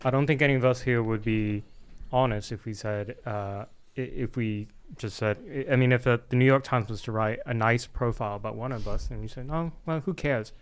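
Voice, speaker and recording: A man speaking as a guest on a panel discussion, making plain, measured statements. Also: mid-range voice, fairly even intonation, smooth. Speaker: guest journalist.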